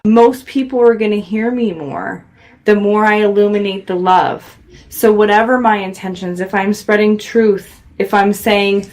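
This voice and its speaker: A woman's voice: medium pitch, unhurried. A middle-aged woman hosting a radio show, giving an earnest, reflective motivational talk to her viewers. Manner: earnest, reflective, speaks louder when worked up.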